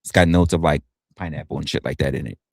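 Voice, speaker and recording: A man's voice: fast talker, no room sound, studio quality. A man hosting a casual livestream, talking loosely and profanely and often stumbling and restarting his words. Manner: animated, swinging pitch up and down. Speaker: livestream host.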